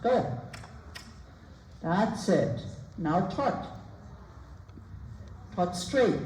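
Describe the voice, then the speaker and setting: A woman giving a riding lesson, calling brisk, repeated commands and counting out the rider's strides. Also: medium pitch, big pitch swings, mellow. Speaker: riding instructor. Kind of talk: live coaching during a riding lesson. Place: riding arena. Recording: roomy, distant sound with faint ambience.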